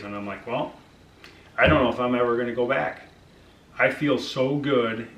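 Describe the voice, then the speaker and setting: A man's voice: medium pitch, a bit bright, echoey room, recorded from a distance. A middle-aged man casually recounting his personal diet experience, acting out conversations with his doctor and using many fillers. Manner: conversational, acts out dialogue with frequent fillers. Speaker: vlogger sharing his diet journey.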